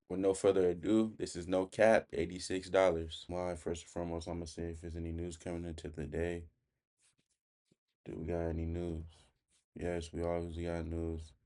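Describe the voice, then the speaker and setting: A man, casually walking through his trading day in a relaxed, plain-spoken way. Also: sits low, creaky. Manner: relaxed, plain-spoken, thinks aloud with fillers. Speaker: day trader vlogger. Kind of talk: casual trading recap over charts.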